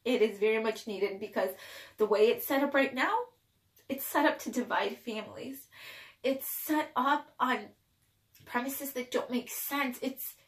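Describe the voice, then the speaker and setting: Young woman, slightly high voice, crying while telling a personal story, halting delivery, roomy echo. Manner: emotional, tearful, halting with restarts. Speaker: vlogger telling her own story. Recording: echoey room.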